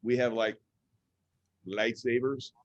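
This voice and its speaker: A man's voice: medium pitch, flat delivery, slow, no room sound, lo-fi sound. Rambling man in a casual chat. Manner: rambling, many fillers like "like" and "you know". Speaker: roundtable guest.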